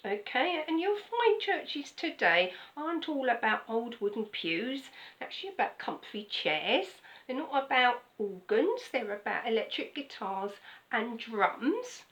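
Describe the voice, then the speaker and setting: A woman's voice: a little high, sing-song, a little slow, a bit bright, poor audio. An older woman pastor, giving a chatty, conversational sermon with frequent "okay?" asides. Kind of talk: casual sermon.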